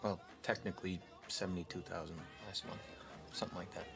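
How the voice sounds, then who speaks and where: A chill rich dude, low voice, music in the back. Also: male voice, brisk, creaky. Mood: nonchalant. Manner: calm, offhand, low-key boasting. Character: nonchalant rich young man, unbothered. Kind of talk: film scene. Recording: film audio with music underneath.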